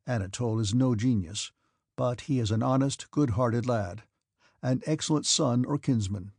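A man's voice: mid-range voice, moderate pace, a little mellow, slightly rough, dry recording. A man voicing a crafty middle-aged prince who talks in an ingratiating, persuasive way.

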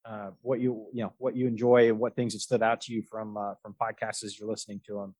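A man's voice: lowish voice, flat delivery, quick pace, a little mellow, dry recording. Casual podcast host man, dry sound. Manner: rambling storyteller, many fillers and restarts, laughs often. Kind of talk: casual chat.

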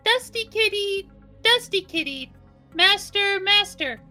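A woman's voice: very high-pitched, lively intonation, slow pace, sharp tone, faint music behind, heavily acted. A woman voicing a small, loyal creature that talks in short, broken phrases during a tabletop game. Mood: earnest.

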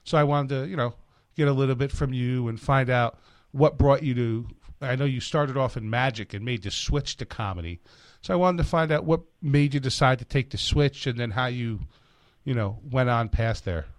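A man's voice: medium pitch, moderate pace, no room sound. A man hosting a talk show, asking the guest rambling, friendly questions. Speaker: host. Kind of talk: casual interview.

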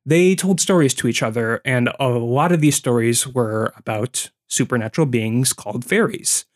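A man with a mid-pitched voice talks through old legends for a podcast. He explains things in an easy, conversational way and now and then checks in with his co-host. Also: moderate pace. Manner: storytelling, explaining folklore from notes. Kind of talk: casual podcast chat.

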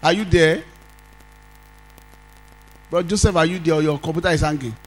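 A man's voice: on the high side, normal speed, rough recording. A Nigerian man preaching a sermon as pastor, leading call-and-response and drawing out sung phrases.

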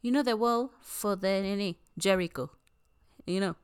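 A woman co-hosting a podcast, talking in a blunt, animated, casual way and swearing freely. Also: mid-range voice, normal speed, clear, resonant tone. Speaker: podcast co-host. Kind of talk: casual chat.

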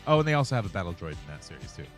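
A man's voice: sits low, very animated, rapid-fire, over music. A man co-hosting a podcast in casual chat, laid-back and teasing his partner. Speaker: podcast co-host.

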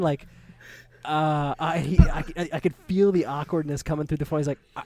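Laughing, lively-voiced man telling stories. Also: fairly high pitch, quick pace, noisy background. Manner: animated storytelling, laughs hard, swears freely. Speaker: podcast co-host. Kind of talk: casual podcast chat.

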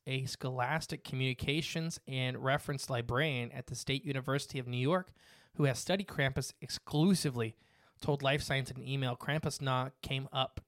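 A man's voice: mid-range voice, a bit bright, no echo, studio quality. A man hosting a casual podcast, reading from notes with frequent fillers and restarts. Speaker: podcast host.

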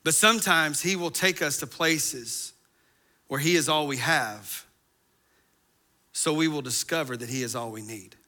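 A man's voice: on the high side, measured pace, pauses often, bright, forceful tone. A man preaching a sermon, moving from conversational asides to fervent, impassioned appeals. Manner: preaching, building to impassioned crescendos. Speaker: pastor.

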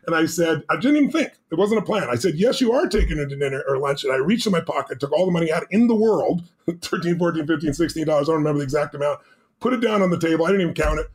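Fast-talking man telling an intense story. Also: a little high, animated. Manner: intense storyteller, swings between loud and hushed. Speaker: guest. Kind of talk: telling a personal story in an interview.

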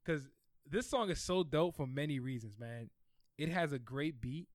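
A man co-hosting a podcast, reviewing new music in casual chat, animated and playfully teasing his partner. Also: a little high, moderate pace, dry recording, studio quality. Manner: animated, laughing, playful ribbing. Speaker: podcast co-host.

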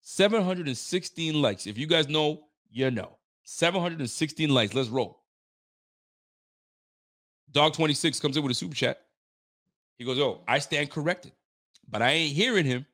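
A young man hosting a sports fan livestream, ranting with animated energy, swearing freely and repeating catchphrases. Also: a little high, moderate pace, pauses often. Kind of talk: casual fired-up sports commentary.

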